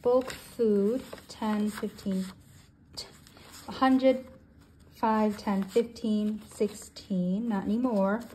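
A woman in her twenties, a budgeting channel host, counting cash aloud and thinking out loud as she sorts it. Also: medium pitch, takes it slowly, a little hiss or hum. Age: 20s. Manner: counts bills aloud in steady runs; thinks aloud, with soft hesitations.

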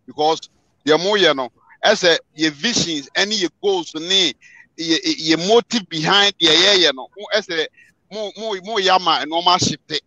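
Man with bright, dry voice, earnest and pleading, stumbles over repeated words. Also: fairly high pitch, unhurried, dry recording. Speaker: discussion participant. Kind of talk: casual discussion in Twi mixed with English.

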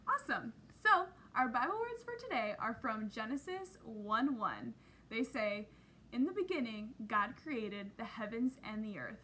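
A woman's voice: a little high, lively intonation, measured pace, bright, forceful tone, slight background noise. A woman teaching a children's Bible lesson, upbeat and encouraging, leading the kids in call-and-response. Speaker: Sunday school teacher.

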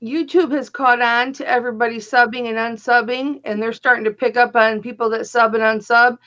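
A woman's voice: on the high side, steady tone, a little fast, sharp tone. A woman hosting a casual live stream, talking bluntly and teasing her co-hosts. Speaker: host. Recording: dull lo-fi stream audio.

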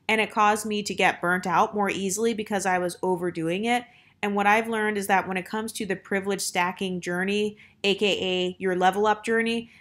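A woman in her thirties talking casually to listeners in a self-help monologue, chatty and unhurried, with many fillers and a girlfriend-to-girlfriend tone. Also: medium pitch, fairly bright tone.

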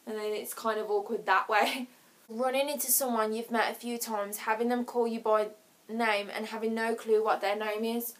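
Giggly, chatty woman with a slightly high voice. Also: steady tone. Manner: chatty, giggly, acts out short scenes in quick voices. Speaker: vlogger. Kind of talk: casual chat to camera.

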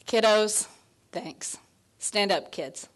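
A woman in her fifties giving a heartfelt, near-tearful award acceptance speech, full of thanks, fillers and soft laughs. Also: mid-range voice, very slow. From Texas. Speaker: award honoree.

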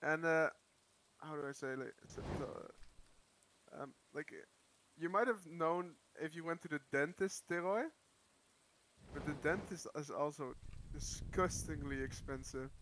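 Chatty man with a lightly raised pitch. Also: a bit bright. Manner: chatty, halting with fillers. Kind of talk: casual chat. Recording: faint background noise.

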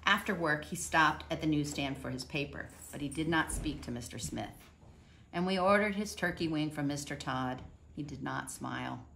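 A woman calmly reading a children's picture book aloud. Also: low voice, moderate pace, gravelly, slight background noise. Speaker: storybook reader.

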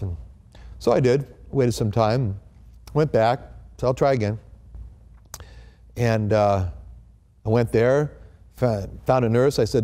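A man telling a personal testimony as a lively storyteller, acting out the voices he quotes. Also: medium pitch, normal speed, pauses often. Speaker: company founder giving a testimony.

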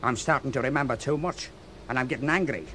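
A man's voice: mid-range voice, fast talker, sharp tone, slight background noise, natural voice. An actor playing a grudge-holding able seaman in a radio play, taunting and threatening a ship's officer.

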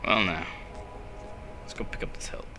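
A man casually commenting on a horror game as he plays, muttering asides and breaking into sudden loud yelps. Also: normal speed, over music. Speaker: let's play commentator.

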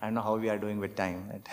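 A man's voice: on the low side, little pitch movement, moderate pace, in a large hall. A man with an Indian English accent giving a scripture class sermon, emphatic and often putting questions to the audience. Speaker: preacher. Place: temple hall.

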